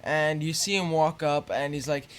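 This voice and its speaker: A teenage boy telling a story to his viewers in a rambling, casual way, full of fillers and swearing, getting louder when annoyed. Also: a little high, fairly even intonation, moderate pace, clear, resonant tone. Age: teens. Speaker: YouTuber.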